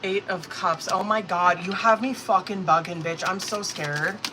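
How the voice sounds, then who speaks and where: Against a noisy background, a tarot reader with a lowish, fairly even voice speaks unhurriedly during a live stream. Her reading is casual and profane, heavy on fillers, and she reacts anxiously as each card is pulled.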